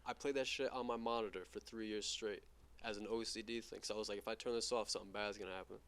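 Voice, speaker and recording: A young man from New York, a guest in a casual interview, telling stories quickly with lots of fillers and swearing. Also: lowish voice, steady tone, crowd noise. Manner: rapid, profane, filler-heavy storytelling. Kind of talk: casual chat.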